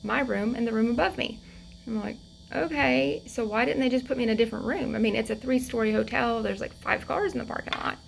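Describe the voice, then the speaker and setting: A woman vlogger telling a personal story in a casual, chatty way, laughing often, acting out quotes, and going soft and hushed as she reflects. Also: fairly high pitch, quick pace, creaky, slight background noise, poor audio.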